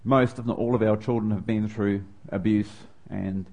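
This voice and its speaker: A man's voice: fairly low pitch, steady tone, normal speed, a little mellow. A middle-aged man from New Zealand with a New Zealand accent, preaching a sermon and telling a personal story with growing feeling. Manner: personal storytelling with rising emotion.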